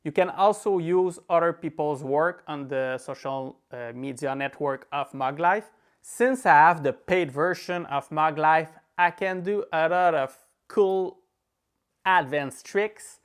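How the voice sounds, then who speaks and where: A man's voice: fairly high pitch, takes it slowly, clear, resonant tone. A man with a French accent, a native French speaker, hosting a screen-recorded app tutorial and walking through each step in an easygoing way with small laughs. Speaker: tech tutorial host.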